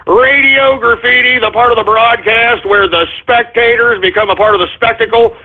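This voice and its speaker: A man hosting a comedic call-in radio show, theatrical and exasperated, with mock whining and shouting. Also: high-pitched, fairly even intonation, fairly quick. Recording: tinny lo-fi broadcast.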